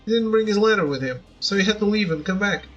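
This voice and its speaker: A man's voice: sits high, expressive, fast talker, fairly bright tone, lo-fi sound, soft background music. A man voicing a fussy, unlucky middle-aged father with old-fashioned, rambling speech. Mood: rueful. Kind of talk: reading game dialogue aloud.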